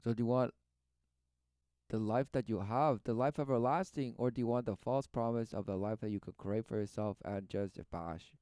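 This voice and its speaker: A man's voice: fairly low pitch, normal speed, dark tone, clear, resonant tone, no room sound. A man giving preachy religious commentary as he reacts to a video, in an emphatic, exhorting manner.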